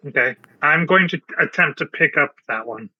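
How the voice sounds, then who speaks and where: A man's voice: a little high, expressive, moderate pace, no echo, dull audio. A man playing a tabletop game, talking in an easygoing, chatty way with fillers. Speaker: player. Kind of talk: casual tabletop game play.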